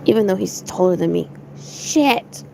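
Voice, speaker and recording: A woman's voice: mid-range voice, lively intonation, a little slow, dark tone, a little hiss or hum, poor audio. A young woman streamer chatting casually to her viewers, rambling, giggly and swearing a lot. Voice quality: gravelly fry.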